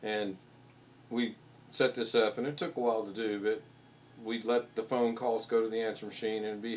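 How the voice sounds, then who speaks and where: A man's voice: lowish voice, level tone, normal speed. An American man hosting a casual live stream chat, rambling and joking and laughing at his own stories. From United States.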